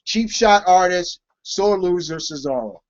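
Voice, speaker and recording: A man's voice: sits high, lively intonation, measured pace, lo-fi sound. A man co-hosting a casual wrestling talk show, rambling with many restarts. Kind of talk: casual chat.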